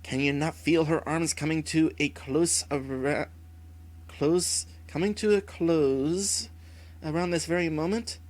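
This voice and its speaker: A man voicing a calm, merciful young male hero who speaks in a measured, earnest way. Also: a little high, natural voice.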